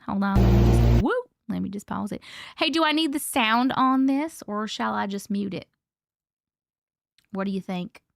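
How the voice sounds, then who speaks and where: A woman's voice: medium pitch, moderate pace, creaky, faint music behind. A woman hosting a casual live stream, chatting with viewers in a playful way, laughing often and now and then coughing. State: coughing, needs a cough drop. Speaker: livestream host reading viewer stories.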